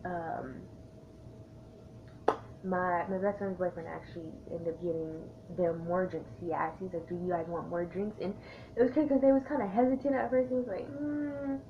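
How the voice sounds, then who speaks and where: A young woman vlogger casually telling a storytime tale in a chatty, animated way, acting out the quotes. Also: on the low side, normal speed, slight background noise. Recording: tinny lo-fi sound.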